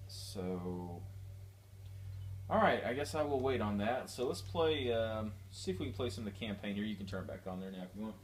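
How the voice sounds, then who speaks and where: A man's voice: fairly low pitch, expressive, moderate pace. A man hosting a casual let's-play, rambling with hesitant fillers while he comments on the game. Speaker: gaming host. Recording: distant mic in a roomy space, faint noise.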